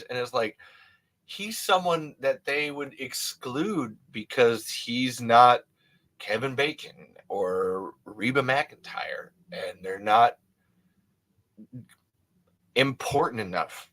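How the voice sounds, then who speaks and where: This livestream host is a man in his thirties with a medium-pitched, fairly bright voice. His casual stream is full of emphatic rambling, frequent restarts, and plenty of swearing.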